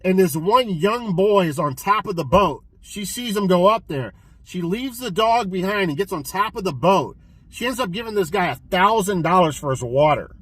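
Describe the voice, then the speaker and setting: A man casually reviewing a film he watched, retelling the plot in an excitable, profane way with many restarts. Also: high voice, slightly rough, low-quality recording. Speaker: physical media collector reviewing films.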